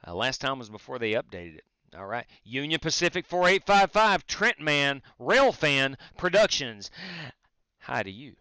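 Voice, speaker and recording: A man's voice: medium pitch, very animated, normal speed, pushed and bright, clear, resonant tone, dry recording. A man streaming a sim race, chatting casually and greeting viewers while he drives. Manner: frequent fillers and restarts. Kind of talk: casual live-stream commentary.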